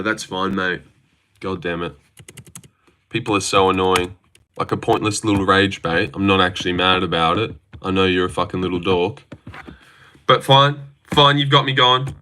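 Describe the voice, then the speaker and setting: A man's voice: lowish voice, bright, forceful tone. A young man on a live stream, reading and answering chat with sarcastic, argumentative, swear-filled talk.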